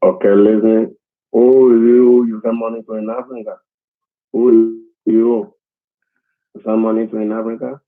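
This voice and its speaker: A man's voice: fairly low pitch, moderate pace, pauses often. A man on a phone call, repeating reassurances in broken English and pleading over and over. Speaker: phone scammer. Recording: tinny phone line.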